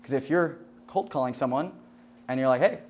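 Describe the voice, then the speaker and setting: A man's voice: medium pitch, brisk, darkish tone, slight background noise. Chatty young man teaching a class. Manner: loose and chatty, heavy on "like" and "right?"; swears casually and laughs at his own jokes. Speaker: sales trainer teaching a class. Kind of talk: casual classroom lecture. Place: classroom with a live audience.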